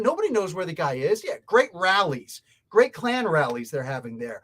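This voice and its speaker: A man's voice: high-pitched, sing-song, normal speed, a bit bright. Man ranting with a swinging voice. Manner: heated, rambling, talks straight to viewers. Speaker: comic book reviewer. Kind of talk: opinionated review rant.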